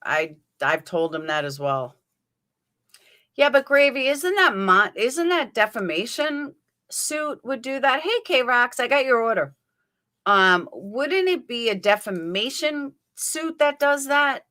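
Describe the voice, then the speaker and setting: Chatty New York woman, bright tense voice. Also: a little high, very animated, takes it slowly. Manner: chatty, answers viewer comments by name, thinks aloud. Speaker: livestream host. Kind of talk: live chat commentary.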